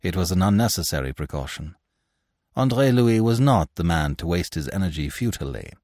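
A man narrating a classic novel in measured, theatrical storytelling style. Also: deep voice, big pitch swings, darkish tone, no echo, studio quality.

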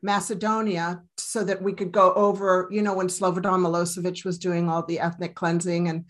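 A middle-aged woman, a telemedicine doctor, chatting as a guest, lively and anecdotal. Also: fairly low pitch, normal speed. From United States. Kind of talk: casual chat.

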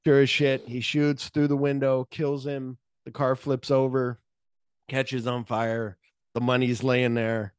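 A man's voice: mid-range voice, little pitch movement, measured pace, clear, resonant tone, no echo, clean studio sound. A man co-hosting a podcast, retelling a film's plot in casual chat and acting out the characters' lines, swearing freely. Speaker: podcast co-host.

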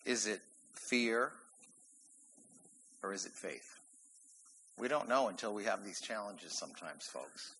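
A man preaching a sermon in an animated, emphatic way, often laughing as he goes. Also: lowish voice, unhurried, long pauses, slight background noise, low-quality recording. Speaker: pastor.

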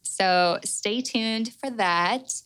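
A woman's voice: on the high side, drawn-out words, a bit bright, clear, resonant tone, rough recording. A young adult woman hosting a solo podcast, giving chatty, encouraging advice with lots of "like" in her speech. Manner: chatty and encouraging, heavy use of "like". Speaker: podcast host. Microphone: own microphone.

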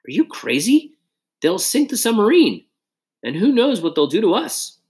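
A man's voice: high voice, big pitch swings, a little fast, pitched above the performer's own voice. A man reading aloud and voicing a nervous young sidekick who groans and panics. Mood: panicky.

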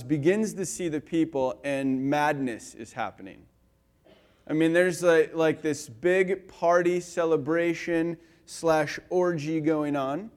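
Man, pastor, casual sermon, animated storytelling, loud-to-soft swings, slightly high voice. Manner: casual, with frequent "like" and "you know". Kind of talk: conversational sermon.

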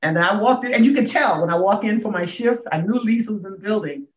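A woman in her sixties, a comedian and speaker, telling her story as a podcast guest with emphatic swings in pitch and volume. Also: fast talker. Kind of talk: emotional storytelling in a podcast interview. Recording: echoey, dull room sound.

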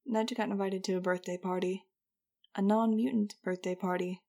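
A woman's voice: medium pitch, steady tone, normal speed, warm tone. Wry woman reading an audiobook. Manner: wry, conversational. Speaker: audiobook narrator. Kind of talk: first-person audiobook narration.

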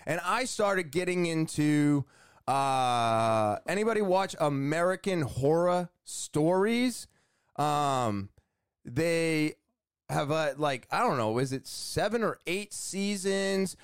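A man's voice: fairly high pitch, lively intonation, slow pace, smooth, dry recording, clean studio sound. A man hosting a podcast, telling a rambling, self-deprecating story and acting out the voices of people in it. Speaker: podcast host. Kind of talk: casual storytelling monologue.

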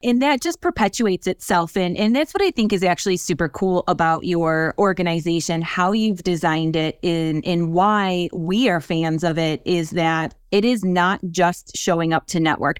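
Smooth-voiced woman podcast host. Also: on the low side, moderate pace, few pauses, no echo, clean studio sound. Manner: enthusiastic, long rambling questions. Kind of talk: interview conversation.

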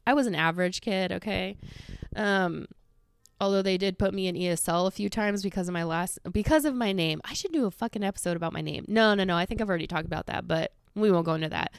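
A woman's voice: medium pitch, brisk, vocal fry, clean tone, no echo, studio quality. A woman in her thirties ranting sarcastically in a casual solo podcast, swearing freely and mimicking people.

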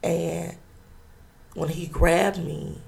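Woman with a heavily gravelly voice. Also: lowish voice, fairly even intonation, darkish tone. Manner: halting, earnest storytelling with many pauses and restarts. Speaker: interviewee. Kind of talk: personal testimony in an interview.

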